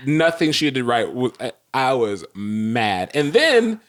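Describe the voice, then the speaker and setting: A man co-hosting a podcast, spinning a story with a voice that swings widely up and down. He talks in quick, animated bursts, laughs along, and acts out what everyone said. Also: medium pitch. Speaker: podcast co-host. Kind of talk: casual storytelling chat.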